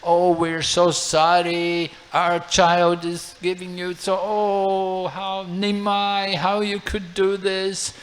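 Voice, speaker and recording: A man's voice: high-pitched, monotone, takes it slowly, few pauses, pitched above the performer's own voice. A man voicing a pleading, apologetic father and mother in a told story.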